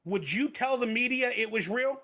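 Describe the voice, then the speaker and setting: A man with a high, bright voice chats on a podcast as a guest. He rambles and speculates, building hypotheticals as he goes. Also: animated, moderate pace. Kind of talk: casual podcast chat.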